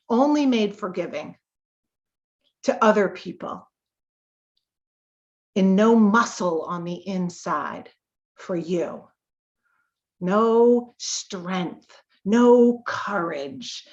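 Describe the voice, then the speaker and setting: Slow, emphatic woman coach. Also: mid-range voice, lively intonation, lo-fi sound. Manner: emphatic, slow and deliberate with emotional bursts. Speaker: tapping coach hosting a live call. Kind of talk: live coaching talk.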